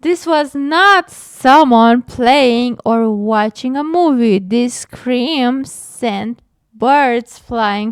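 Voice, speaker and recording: Young woman, higher voice, reads horror aloud haltingly and breaks off to react. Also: smooth, dry recording, clean studio sound. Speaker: horror story reader and reactor. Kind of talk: reading a story aloud with reactions.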